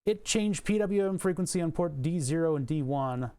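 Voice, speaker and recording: A man's voice: a little high, normal speed, few pauses, dark tone, clean tone. Man muttering through a coding livestream. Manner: muttering to himself, swearing, chuckling. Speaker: streamer. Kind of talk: livestream electronics and coding commentary.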